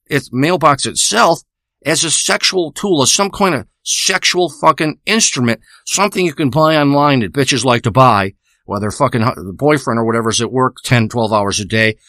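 A man's voice: medium pitch, sharp tone, no echo. A man delivering a rambling, profane, boastful spoken monologue into a close microphone. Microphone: close studio microphone.

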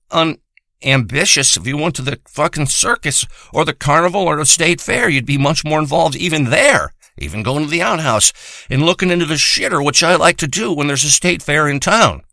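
A man's voice: fairly high pitch, sharp tone, no echo. A man delivering a profane, rambling and boastful comic monologue.

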